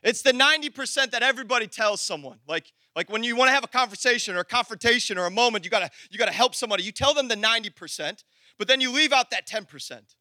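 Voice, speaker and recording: A man preaching a sermon as pastor, animated, calling out to the congregation, then dropping into low conversational asides. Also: fast, dry recording, clean studio sound. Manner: talks to the congregation directly, conversational.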